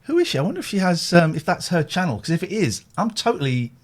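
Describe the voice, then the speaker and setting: A man hosting a casual late-night show, reacting in an excitable, animated way. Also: sits high, fast talker. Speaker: radio show host.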